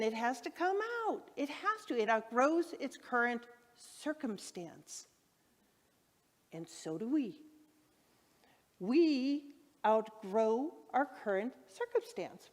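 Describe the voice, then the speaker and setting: Woman minister, sermon, enthusiastic storyteller; slightly high voice, long hall reverb. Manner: enthusiastic storytelling, acts out her own excited shouts. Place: church hall. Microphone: handheld microphone.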